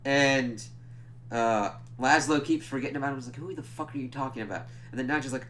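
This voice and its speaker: This man recaps a TV episode in a mid-range voice, a little fast, with a slight hiss or hum on the recording. As a TV reviewer he's animated and profane, acting out lines, stumbling over words and laughing at his own slips.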